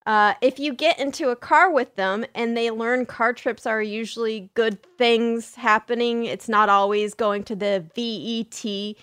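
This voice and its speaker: A young woman with a slightly high voice, rambling through listener questions on her podcast. She talks casually, pokes fun at herself and fills gaps with ums and likes. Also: fairly even intonation, unhurried, hardly any pauses, fairly bright tone, clean tone. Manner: chatty, self-deprecating, rambling with fillers. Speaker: podcast host.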